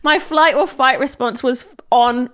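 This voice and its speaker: A woman's voice: high voice, background noise. A woman co-hosting a podcast, telling a story with lots of laughter in casual chat. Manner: laughing storyteller, quick and expressive. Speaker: podcast co-host.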